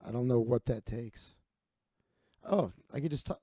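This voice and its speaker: A man's voice: mid-range voice, moderate pace, pauses often, dark tone, breathy edge, dry recording, clean studio sound. A man hosting his own comedy livestream, rambling and cursing in a casual, self-deprecating monologue. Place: home streaming setup.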